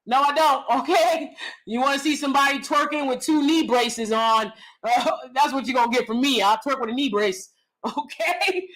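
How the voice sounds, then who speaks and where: Blunt woman, livestream host reading chat, lively and laughing, slightly high voice. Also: normal speed. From United States. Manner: animated, laughs often, sassy and blunt. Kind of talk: casual opinionated livestream chat.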